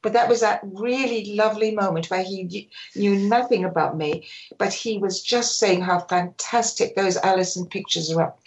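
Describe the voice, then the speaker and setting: An older woman, a sports photographer, telling animated stories in a radio interview and acting out quotes. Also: medium pitch, moderate pace, low-quality recording. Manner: animated storyteller, acts out quotes.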